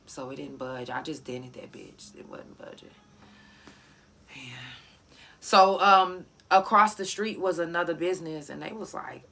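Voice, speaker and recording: A woman's voice: on the low side, moderate pace, vocal fry, bright, forceful tone. A woman telling her story in casual, profane talk, acting out the voices of the people she quotes.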